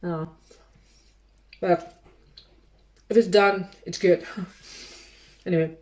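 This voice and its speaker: Slow, low-voiced woman chatting while eating. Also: steady tone. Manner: rambling, thinking aloud, eating between words. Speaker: cooking vlogger. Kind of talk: casual chat while tasting food.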